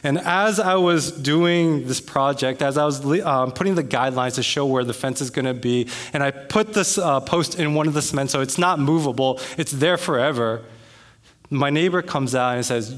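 A man preaching a sermon as pastor, talking in a conversational way and becoming animated when he retells an argument. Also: fairly high pitch, a little fast. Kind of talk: sermon with personal story. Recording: long reverb of a hall.

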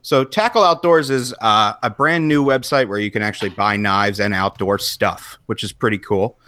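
A man's voice: lowish voice, normal speed, bright, forceful tone. Easygoing male podcast co-host. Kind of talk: casual podcast chat. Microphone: handheld USB microphone.

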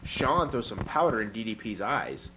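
A man co-hosting a casual podcast, recapping a movie scene by scene and acting out lines in high voices. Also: moderate pace, noisy background. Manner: animated storyteller, acts out quotes in high voices. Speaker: podcast co-host.

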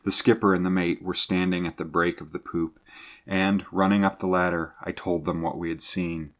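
A man reading a sea adventure story aloud in a measured, low-key narrating manner. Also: little pitch movement.

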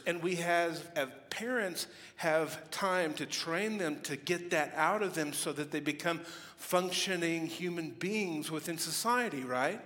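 A man's voice: a little high, a bit bright. A middle-aged male pastor preaching a sermon with humorous stories and playful mock voices. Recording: reverberant hall.

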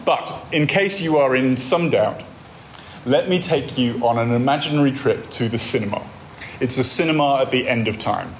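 A man's voice: mid-range voice, moderate pace, fairly bright tone, a little hiss or hum. A man giving a wry, conversational talk on a faith course, telling stories to make his points. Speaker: course speaker.

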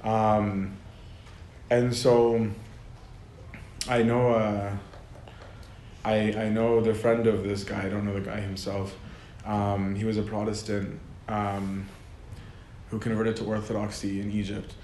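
Slow-paced and darkish in tone, a man with a fairly low voice and little variation in pitch gives a casual lecture. He's conversational, full of fillers, and often laughs partway through sentences, and faint ambient noise fills the echoey room.

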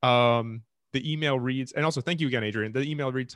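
A man co-hosting a podcast in deadpan comedic chat, reading scam emails aloud with mock-earnest grandeur. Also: medium pitch, a little fast, few pauses, dry recording, studio quality. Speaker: podcast co-host.

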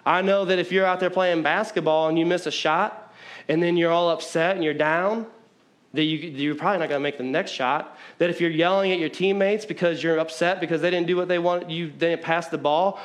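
A man preaching to his congregation with a loose, conversational delivery. He pokes fun at himself and jumps into emphatic bursts. His voice sits slightly higher than most men's. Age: adult, married with children. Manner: conversational, self-mocking, lively preaching. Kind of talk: sermon.

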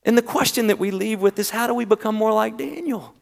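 A man with a Southern accent preaching a sermon, drawing out key words with pauses and swinging between loud emphasis and hushed tones. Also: high-pitched, creaky. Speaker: pastor. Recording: long hall reverb.

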